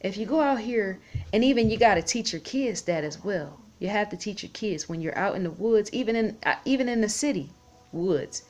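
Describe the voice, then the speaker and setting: A woman's voice: medium pitch, lively intonation. A woman talking off the cuff in a vlog, rambling and repeating herself, holding back tears. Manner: rambling, repeats words, pauses to type on phone. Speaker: vlogger. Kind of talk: casual unscripted talk to camera.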